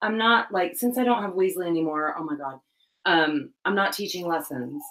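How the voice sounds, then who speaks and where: A middle-aged woman with a light Southern US drawl chats on a live stream about horses and riding gear. Her voice is bright and forward, her delivery is loose and animated, she scatters fillers, and she laughs freely. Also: fairly low pitch, normal speed, rough recording. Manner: chatty, animated, laughs often, lots of "like". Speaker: co-host of a live horse chat show. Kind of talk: casual live-stream chat.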